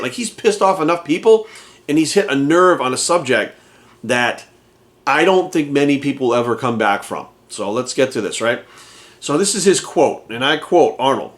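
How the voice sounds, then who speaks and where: A man's voice: mid-range voice, expressive, normal speed, fairly bright tone. A man, a fitness coach, ranting angrily to camera in coarse, profane language. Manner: profane, heated, indignant ranting. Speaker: fitness coach and channel host.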